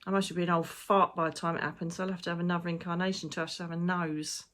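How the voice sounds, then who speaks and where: A woman speaks in a loose, spiritual monologue as a psychic medium. Her voice sits a little low. She rambles and gets emotional, with the odd casual swear. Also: little pitch movement, quick pace, a bit bright.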